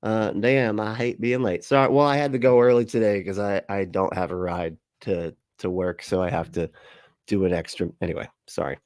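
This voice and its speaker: A man's voice: on the low side, steady tone, normal speed, a little mellow, dry recording, studio quality. A man hosting a casual livestream, reading chat messages aloud, laughing often and swearing casually as he rambles.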